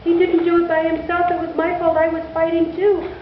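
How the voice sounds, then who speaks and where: A woman's voice: very high-pitched, monotone, a little fast, narrow, tinny audio, background noise, voice pushed up. A woman voicing a remorseful young boy pleading with his mother, in a distant, echoey church recording.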